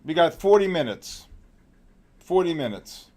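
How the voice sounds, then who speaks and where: A man hosting a live trading stream, talking excitedly with chat viewers by name and pushing them on their trades. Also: on the high side, unhurried. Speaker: trading show host.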